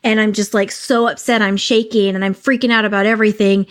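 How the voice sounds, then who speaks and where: A middle-aged woman co-hosting a podcast, talking in a rambling, animated way and swearing freely. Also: mid-range voice, fairly quick. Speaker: podcast co-host. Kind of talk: casual chat.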